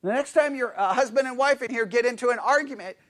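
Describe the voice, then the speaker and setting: A man's voice: very high-pitched, fast talker, fairly bright tone. A man teaching a conversational Bible study who asks his class questions and acts out quoted lines.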